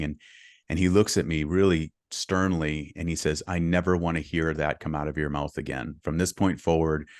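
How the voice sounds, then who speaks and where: A man's voice: low voice, no room sound, studio quality. A middle-aged man, a real estate investor, telling a candid personal story in a podcast interview, earnest and open. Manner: earnest and open, speeds up when reliving the story.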